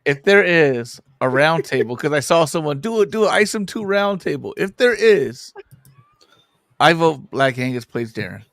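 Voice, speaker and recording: A man's voice: on the high side, very animated, normal speed, vocal fry, a bit bright, no echo, studio quality. A man on a comic review panel, joking and laughing as he rambles. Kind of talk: casual panel chat.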